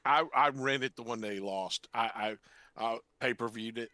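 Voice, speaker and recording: A man's voice: medium pitch, normal speed, pushed and bright, no echo. An older man co-hosting a podcast, chatting casually and cracking crude jokes he chuckles at himself. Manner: crude joker, chuckles at his own gags. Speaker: podcast co-host. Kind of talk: casual chat.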